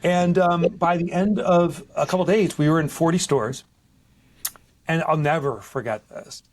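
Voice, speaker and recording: A man's voice: on the high side, a little slow. A man, a podcast guest telling a story with lots of life and acting out the people in it. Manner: lively, acts out other people in quoted voices. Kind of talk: animated storytelling in conversation. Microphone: podcast microphone.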